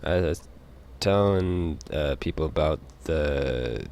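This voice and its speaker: A man with a Utah accent chatting casually on a live stream, rambling and halting, with casual swearing. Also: very deep voice, expressive, creaky, a little mellow.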